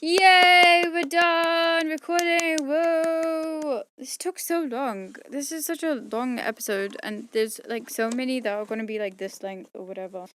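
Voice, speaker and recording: A woman's voice: fairly high pitch, normal speed, few pauses, a little mellow, slight background noise. A woman narrating an audiobook, chatting through bloopers in a tired, strained voice, rambling and joking at herself. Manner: rambling, self-mocking, tired. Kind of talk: casual bloopers and outro chat.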